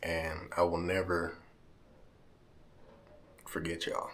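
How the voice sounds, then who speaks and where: A man's voice: sits low, monotone, slow pace, a bit bright, a little hiss or hum. A man vlogging straight to camera, talking heartfelt and emotional to his friends, near tears and often tagging lines with "man". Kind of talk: emotional direct-to-camera vlog.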